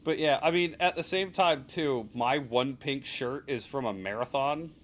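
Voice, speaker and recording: A man's voice: medium pitch, unhurried, slight background noise. A young man hosting a gaming stream, chatting casually and teasing his friend, laughing often as he retells stories. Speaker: gaming channel host. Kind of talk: casual chat while playing.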